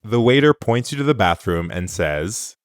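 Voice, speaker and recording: A man co-hosting an audio language lesson, explaining words clearly and praising the listener in a scripted way. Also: fairly low pitch, expressive, normal speed, no room sound, clean studio sound. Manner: clear, instructive, encouraging.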